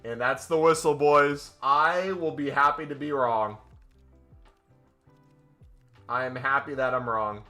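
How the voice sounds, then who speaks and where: A male streamer chatting during a live game stream on his microphone, excitable and joking. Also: medium pitch, normal speed, faint music behind. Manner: excitable and joking, with whoops and laughs.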